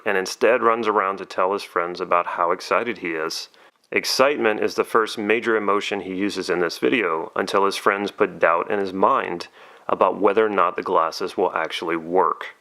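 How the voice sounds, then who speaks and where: A man with a low, deep voice and a gravelly rasp at the ends of his phrases delivers scripted commentary. He explains things step by step in an even, analytical way, like a persuasion coach. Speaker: YouTube channel host, persuasion coach.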